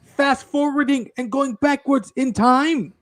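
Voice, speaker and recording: Host, male, high voice, slow mock-regal announcer, dry close mic. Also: no room sound. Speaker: tournament moderator, self-styled lord. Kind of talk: casual podcast chat with mock-regal announcing.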